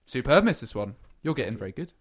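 A man's voice: medium pitch, sing-song, brisk. A man hosting a comedy podcast, teasing his co-hosts in a mock-pompous way. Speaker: podcast host. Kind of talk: comic banter on a podcast.

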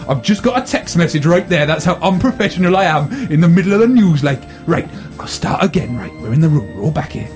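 Male podcast host, higher-pitched, teasing and bossy, faint music underneath. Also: very animated, quick pace, few pauses, darkish tone. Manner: bossy, mock-stern teasing. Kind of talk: comic banter and mock news reading.

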